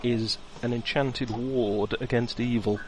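A man's voice: medium pitch, fairly even intonation, slow, background noise. A man running a tabletop game as game master, wry and hesitant, with many ums.

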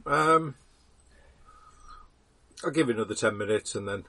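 A man playing in a tabletop game, talking in a calm, matter-of-fact way. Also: lowish voice, measured pace. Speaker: player.

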